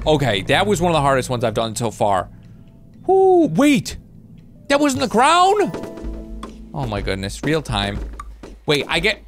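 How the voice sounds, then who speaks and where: Excitable young man, lively let's-play talk. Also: on the high side. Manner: excitable, talks to viewers while playing. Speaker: gaming YouTuber.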